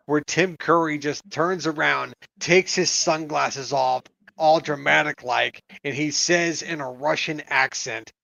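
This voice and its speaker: A man's voice: on the high side, vocal fry, sharp tone, dry recording, highs cut off. A man co-hosting a podcast in casual chat, blunt, profane and rambling. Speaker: podcast co-host.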